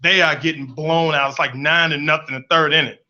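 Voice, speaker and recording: A man with a high, bright voice spins a comic story from his own life, playful and animated as he acts out the people in it. The sound is dull and lo-fi. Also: brisk.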